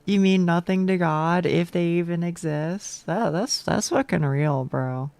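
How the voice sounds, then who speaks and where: A woman's voice: fairly low pitch, measured pace, a little mellow, dry recording. A young woman streaming a game from home on a close mic, chatting casually with chat, self-deprecating, stammering and swearing.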